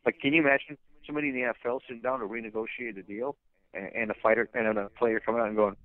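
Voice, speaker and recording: A fighter's manager speaking bluntly in a phone interview, ranting with lots of fillers and restarts. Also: male voice, mid-range voice, quick pace, dry recording. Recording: tinny phone line.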